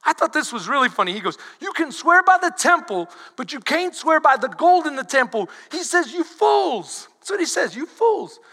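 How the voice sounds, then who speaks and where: A pastor preaches in an animated, rising style, bursting into shouts as he quotes. His voice is unusually high and piercingly bright. A long reverb trails him through the hall. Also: normal speed, hardly any pauses. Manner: animated, switches to shouting when quoting. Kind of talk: sermon.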